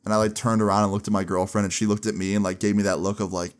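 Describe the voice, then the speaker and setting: A man's voice: fairly low pitch, flat delivery, racing. A young man telling a personal story in a casual, slangy way for a vlog. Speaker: vlogger.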